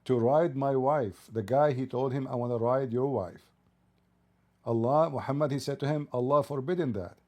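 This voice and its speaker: A man's voice: mid-range voice, normal speed, warm tone. A man hosting a live-streamed religious debate, sarcastic and mocking, his voice rising as he argues. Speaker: debate host.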